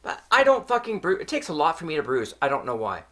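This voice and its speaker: A man's voice: on the high side, wildly swooping pitch, fast talker, bright, forceful tone. A middle-aged man from Canada, telling a personal story to his vlog in a heated, profane rant full of swearing. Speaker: vlogger.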